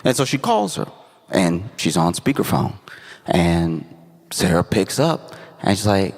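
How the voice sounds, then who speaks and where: A man's voice: low voice, sing-song, unhurried, a little mellow, in a large hall. A man telling a stand-up story in a laid-back, wry way, laughing at his own jokes. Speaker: stand-up comedian.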